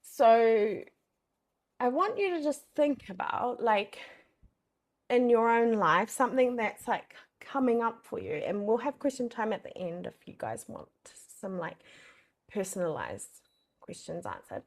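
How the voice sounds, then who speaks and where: A woman's voice: fairly high pitch, big pitch swings, unhurried. Chatty swearing woman coach. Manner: chatty, swears freely, many fillers like "like". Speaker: boundaries coach. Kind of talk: casual masterclass talk.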